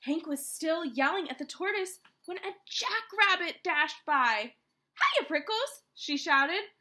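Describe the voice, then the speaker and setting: A woman teacher reading a picture book aloud to children, expressive and talking to them as friends. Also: very high-pitched, unhurried. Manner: expressive, addresses listeners as friends.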